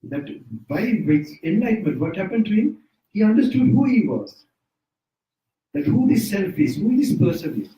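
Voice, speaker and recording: A man leads an informal Buddhist talk in someone's home. His voice is mellow and sits a little high, with restarts and frequent small chuckles. The mic is set back from him in a room that echoes. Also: big pitch swings, normal speed. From Sri Lanka. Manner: loose, self-correcting, chuckles often. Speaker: Buddhist monk teacher. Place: indoors at a private residence. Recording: roomy sound, mic at a distance.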